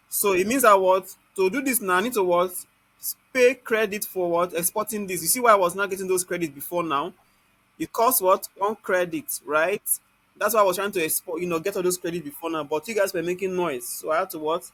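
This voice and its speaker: High-voiced Nigerian man teaching a class. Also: a little fast, fairly bright tone, dry recording. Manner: keeps asking the class "what?" and answering himself; scolds students in Nigerian Pidgin. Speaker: software tutor teaching a live class. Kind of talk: live online class walkthrough.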